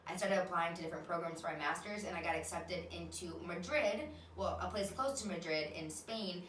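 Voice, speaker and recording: A woman in her twenties, a podcast host, telling personal stories in a candid, animated way with casual swearing. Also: on the low side, roomy sound, far from the mic, slight background noise, rough recording. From United States. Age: 20s. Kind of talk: casual storytelling monologue.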